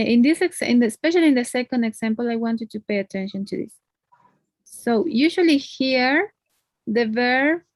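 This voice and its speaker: A woman's voice: a little high, no echo. A woman teaching English grammar one on one, explaining patiently and checking in with tag questions.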